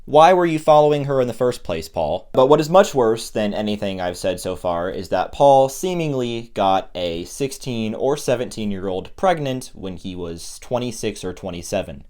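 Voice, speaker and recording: A man's voice: lowish voice, expressive, moderate pace, hardly any pauses, a little mellow. Sarcastic male commentary narrator. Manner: sarcastic, mocking. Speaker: commentary YouTuber.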